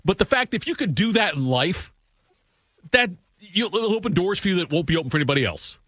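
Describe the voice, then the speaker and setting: A male host with a slightly high, lively voice keeps a casual morning show chat moving. He talks quickly and passes along comments from viewers. The sound is dry. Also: no room sound.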